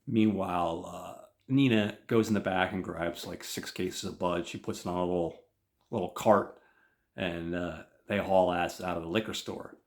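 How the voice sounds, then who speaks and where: A podcast host casually retelling a TV episode, rambling and leaning on lots of fillers. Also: male voice, deep voice, fairly even intonation, moderate pace.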